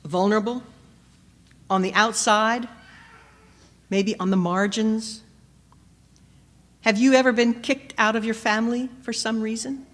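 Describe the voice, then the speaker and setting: A woman preacher delivering a sermon, measured and questioning, rising to emphatic peaks and dropping soft. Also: a little high, steady tone. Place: church. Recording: long church reverb.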